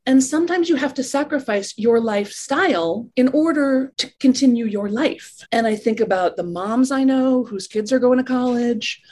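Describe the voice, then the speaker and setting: A woman guest in a conversational interview, talking with animated swings and acting out the voices in her head. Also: moderate pace, hardly any pauses, slight background noise. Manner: animated, acts out inner voices with big pitch swings.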